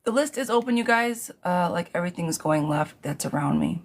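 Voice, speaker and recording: A woman's voice: fairly low pitch, a little fast. Blunt, profane woman giving tarot advice. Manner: blunt, profane, animated advice with frequent "girl". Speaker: tarot reader. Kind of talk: live-streamed tarot reading.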